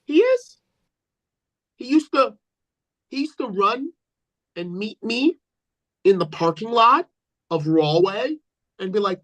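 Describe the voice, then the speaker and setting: A man's voice: high voice, sing-song, a little slow, long pauses, fairly bright tone, poor audio. A man who works as a ring announcer, a guest on a casual talk show, rambling through stories and repeating himself. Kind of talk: casual chat, storytelling.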